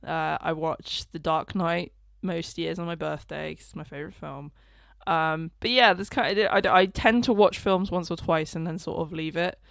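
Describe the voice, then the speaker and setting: A woman co-hosting a podcast, talking about favourite films in a relaxed, chatty way. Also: sits low, moderate pace, gravelly, no echo, studio quality. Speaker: podcast co-host. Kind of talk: casual chat.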